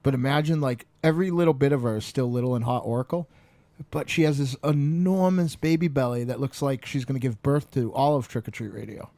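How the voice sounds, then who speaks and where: A man's voice: mid-range voice, brisk, mellow, dry recording. A man co-hosting a podcast, rambling crude jokes in casual chat. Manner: crude, silly joking, rambling with like. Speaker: podcast co-host.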